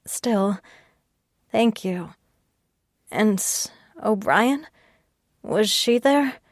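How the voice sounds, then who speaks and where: A woman's voice: mid-range voice, animated, very slow, no echo, studio quality, pitched above the performer's own voice, heavily acted. A woman playing a hurt, tearful young woman. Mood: tearful, pleading.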